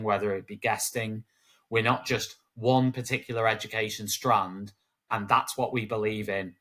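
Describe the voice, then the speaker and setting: A British man, a guest on an interview podcast, telling stories with energy and slipping into quoted voices. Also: lowish voice. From United Kingdom. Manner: animated storyteller who acts out quoted voices. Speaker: guest, education broadcaster. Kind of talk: conversational interview.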